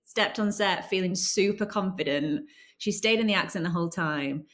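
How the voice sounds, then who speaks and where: Woman, podcast guest, enthusiastic, chatty, slightly low pitch. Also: normal speed, fairly bright tone. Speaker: guest, actor and company founder. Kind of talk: casual interview chat.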